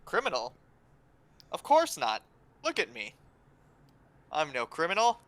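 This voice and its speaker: A man's voice: a little high, wildly swooping pitch, measured pace, fairly bright tone, dry recording, heavily acted. A man voicing an evasive human sailor who hesitates a lot and bristles when his ship is insulted. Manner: hesitant, full of ums, then prickly.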